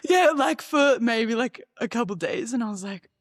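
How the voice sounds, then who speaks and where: Young woman, podcast guest, lively storytelling, acted-out quotes, dry close sound. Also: fairly high pitch, moderate pace, dry recording. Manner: animated storytelling, acts out quotes, laughs often. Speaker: podcast guest, ski racer. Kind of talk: casual podcast chat.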